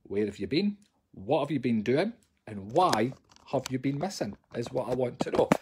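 A man's voice: medium pitch, lively intonation, moderate pace, darkish tone, breathy edge. A man, a psychic medium, chatting cheekily and jokily to viewers on a live stream from his sofa at home into a phone. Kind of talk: casual live-stream chat.

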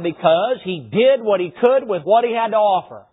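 A man preaches a sermon in a high, husky voice. His style is folksy, and he breaks into shouted bursts. The sound is thin and tinny, like a phone line. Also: a little fast, few pauses. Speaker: pastor.

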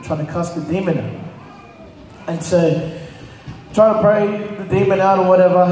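A man's voice: high voice, darkish tone. A male pastor teaching a congregation in a casual, conversational way, with many fillers, retelling stories in quoted voices. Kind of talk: church teaching. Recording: echoey hall, distant mic.

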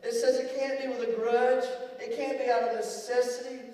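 A man preaching a sermon as pastor, telling stories with jokes, moving between loud emphasis and quiet asides. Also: very high voice, flat delivery, normal speed. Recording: echoey hall, distant from the mic.

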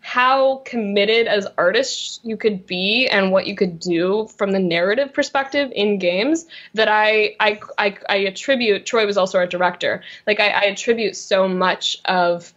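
A woman's voice: medium pitch, normal speed, few pauses, a bit bright, lo-fi sound. A young actress chatting casually in an interview, bubbly and self-deprecating, often restarting her sentences. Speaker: voice and motion capture actress, guest.

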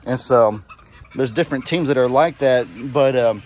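A man's voice: mid-range voice, moderate pace. A man hosting a casual farm vlog, rambling and chatting with viewers in an easygoing way. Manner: easygoing, rambling, Southern-style "y'all". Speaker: farm vlogger host. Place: outdoors on a farm among animals.

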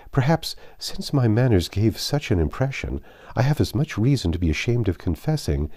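A man voicing an earnest young gentlewoman. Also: fairly low pitch, no echo, clean studio sound. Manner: earnest, self-reproaching. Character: young gentlewoman heroine, lively, proud.

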